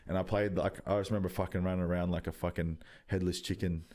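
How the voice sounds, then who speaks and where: A young Australian man in his twenties, telling a story in loose, casual podcast chat, swearing freely and pausing on many ums. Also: deep voice, level tone, darkish tone. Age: 20s. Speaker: podcast guest, rugby league player.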